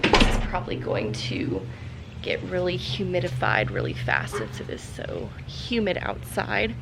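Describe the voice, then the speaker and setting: A woman's voice: lowish voice, big pitch swings, measured pace, gravelly, echoey room. A young woman vlogging casually to camera, chatty and upbeat as she talks through her day. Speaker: vlogger and author. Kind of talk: casual vlog talk to camera. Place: home office and outdoors on a walk.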